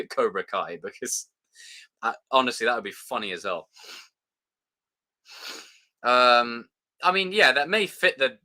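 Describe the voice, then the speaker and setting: A British man hosting a casual live review chat, excitable and sweary, with plenty of fillers. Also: mid-range voice. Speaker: show host.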